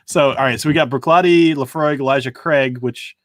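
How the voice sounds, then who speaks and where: A man hosts a relaxed conversation, laughing easily and joking around. His voice sounds dry and close, with no room around it. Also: mid-range voice, brisk, no room sound. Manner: laughs easily, loose jokey chat. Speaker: interview host. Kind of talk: casual conversational interview.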